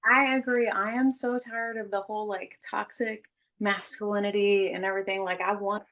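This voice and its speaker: A woman's voice: medium pitch, fairly even intonation, normal speed, fairly bright tone. A woman co-hosting a casual podcast, giving her opinions earnestly with many "like" fillers. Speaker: podcast co-host.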